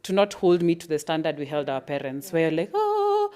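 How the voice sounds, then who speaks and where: A woman talks candidly about being a parent. Her voice sits on the lower side, and she slips into lively acted-out moments along the way. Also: fast talker, smooth. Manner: frank, animated, acts out little scenes with laughs. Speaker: parent sharing at a parents' event. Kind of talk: candid reflective talk.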